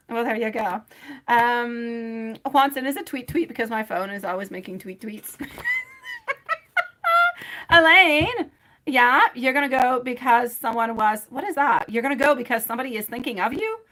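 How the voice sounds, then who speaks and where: A woman's voice: a little high, measured pace, bright, forceful tone, a little hiss or hum. A woman reading tarot live for her viewers, rambling and chatty, laughing often and calling people by pet names like sweetie and my love. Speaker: tarot reader.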